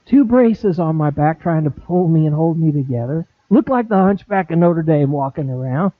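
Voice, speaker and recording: A middle-aged pastor preaching a sermon, animated, acting out quoted conversations with big swings in voice. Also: male voice, on the high side, moderate pace, dry recording. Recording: dry, tinny phone-like sound.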